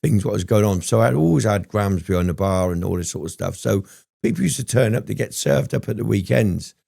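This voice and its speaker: A man's voice: lowish voice, fairly quick, creaky, mellow, dry recording, clean studio sound. A man telling his story as a podcast guest, rambling and swearing often, with frequent ums. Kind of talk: candid storytelling interview.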